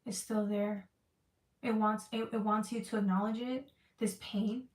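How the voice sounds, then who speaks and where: A woman's voice: medium pitch, fairly even intonation, unhurried, a little mellow, recorded from a distance. Female tarot reader, earnest and repetitive, recorded in an echoey room off-mic. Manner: emotional, repetitive, searching for words. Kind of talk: casual tarot reading.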